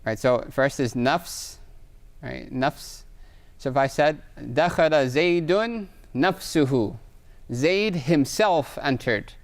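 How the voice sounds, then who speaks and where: A man's voice: on the high side, animated, slow. A man teaching an Arabic grammar lesson, explaining patiently and reading Arabic examples aloud, often checking in with "right?". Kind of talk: recorded online lesson.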